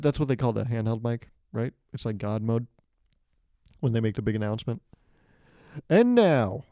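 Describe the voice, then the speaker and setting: A man's voice: medium pitch, vocal fry, warm tone, no echo, studio quality. A young man hosting his own podcast, talking alone into a microphone in a rambling, self-mocking comedic way and laughing at his own jokes. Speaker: podcast host. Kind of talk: solo comedic podcast monologue. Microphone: studio microphone, hears himself in headphones.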